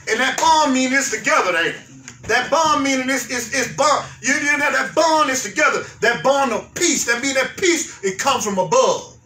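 A male pastor, preaching a fervent sermon that rises to shouts and repeats its phrases. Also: very high-pitched, moderate pace. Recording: echoey room, mic far off.

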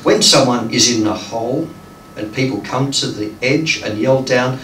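A man's voice: mid-range voice, unhurried, a bit bright. A man giving a live poetry reading, hesitant and full of ums between poems. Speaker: poet reading his work. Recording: echoey room, distant mic, faint noise.

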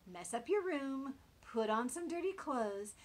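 A woman's voice: high voice, very animated, measured pace, voice pushed up. A woman voicing a bossy mother pig in a storybook, giving orders.

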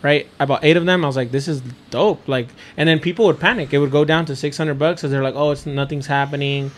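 Excitable young man telling stories. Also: a little high, fast talker. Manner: excitable storyteller, swears freely. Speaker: podcast guest, NFT creator. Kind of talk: casual chat.

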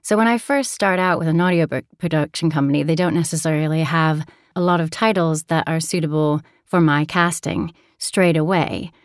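A woman's voice: low voice, normal speed, few pauses, clear, resonant tone, no room sound, clean studio sound. A woman from Alaska with an American accent touched by a transatlantic tinge, an audiobook narrator chatting in an interview and laughing easily as she tells stories. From Alaska, USA. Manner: chatty, laughs often, storytelling. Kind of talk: interview conversation.

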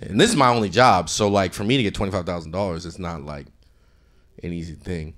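A male stand-up comedian improvising a story on a club stage into a handheld mic, jumping between loud acted-out quotes and quiet mumbled asides. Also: low voice, fast, a crowd in the background.

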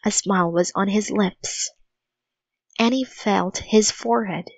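A woman reading a children's storybook aloud in a clear, even, unhurried way, on a dull lo-fi recording. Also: medium pitch, no echo. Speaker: narrator.

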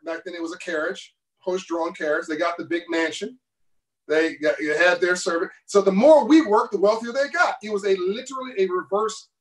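A man's voice: high-pitched, a bit bright, far from the mic, rough recording. A man speaking as a guest author in an interview, making his points with emphatic bursts and laughing between them over a video call. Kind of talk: passionate interview talk.

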